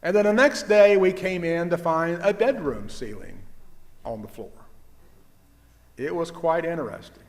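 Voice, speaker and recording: An older man, a pastor preaching a sermon and telling stories, dropping his voice low for quoted dialogue. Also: expressive, measured pace. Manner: storytelling, with hushed quoted dialogue. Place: church sanctuary. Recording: long church reverb.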